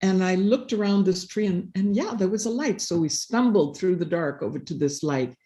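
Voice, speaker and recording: A woman's voice: fairly low pitch, normal speed, warm tone. Earnest woman telling a personal story. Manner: earnest, reflective, acts out quoted dialogue. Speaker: panel speaker. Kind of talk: personal storytelling in a live session.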